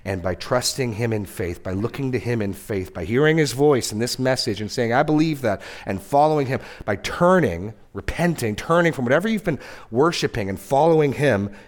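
A man preaching a sermon as pastor, earnest, with repeated words and sudden rises in pitch for emphasis. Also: lively intonation, normal speed.

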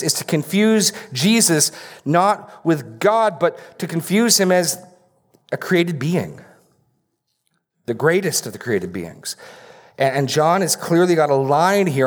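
Emphatic man preaching a sermon. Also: medium pitch. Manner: emphatic, repeats key phrases for stress. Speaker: pastor. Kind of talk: expository sermon.

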